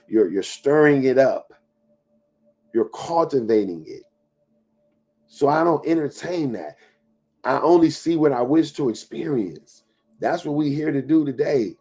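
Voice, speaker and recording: With a warm, husky voice, this middle-aged man gives a forceful motivational speech, repeating lines for emphasis and whispering low to act out self-doubt.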